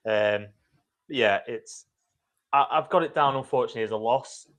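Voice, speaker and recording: A man's voice: mid-range voice, normal speed, fairly bright tone. A man hosting a podcast, upbeat and easygoing in casual chat over a video call. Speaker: podcast host.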